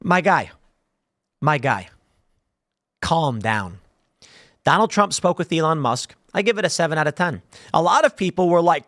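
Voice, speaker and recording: A man delivers combative news commentary in a fairly high voice, his pitch swinging widely as he mocks critics. The sound is dry and close, with no room around it. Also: normal speed, no room sound. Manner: animated, combative, sarcastic asides to critics.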